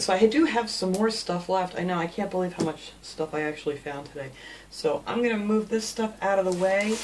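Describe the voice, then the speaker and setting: A woman's voice: lowish voice, heavy background noise. A woman hosting a casual shopping haul vlog from her home craft room, chatty and rambling with fillers. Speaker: craft channel host.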